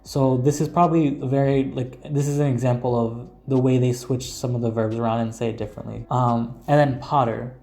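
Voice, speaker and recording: An American man talks to camera in a relaxed, explanatory way, drifting and hedging as he goes. His voice is mellow and dark. His delivery sounds unscripted and chatty. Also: mid-range voice, brisk, hardly any pauses. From United States. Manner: loose and rambling, with many hedges and filler words. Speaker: English teacher.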